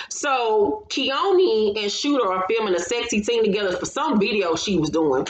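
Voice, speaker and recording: A woman's voice: medium pitch, animated, moderate pace, hardly any pauses, a little hiss or hum. Blunt, profane woman recapping in a roomy echo. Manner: blunt, profane and emphatic, often laughing. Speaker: channel host recapping a reality show. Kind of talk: casual commentary recap.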